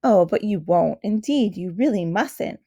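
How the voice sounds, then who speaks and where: A woman's voice: mid-range voice, lively intonation, measured pace, mellow, no echo, studio quality. A woman voicing a polite, kind young girl in a storybook reading, eager and sympathetic in manner. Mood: pleading.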